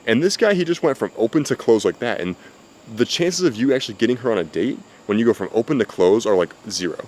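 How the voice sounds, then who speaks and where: A man's voice: medium pitch, animated, fast, darkish tone, slight background noise. A man giving blunt, profane dating advice in casual talk to camera, outdoors. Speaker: dating coach. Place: outdoors with cicadas. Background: faint cicadas.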